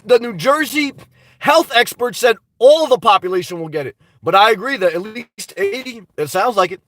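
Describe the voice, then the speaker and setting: A high-pitched man talks casually to his live-stream viewers, rambling as he reads their comments back and answers them bluntly. A dry cough keeps breaking through. The sound is dry, with the mic set a little away from him. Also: sharp tone, dry recording, far from the mic. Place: inside a car.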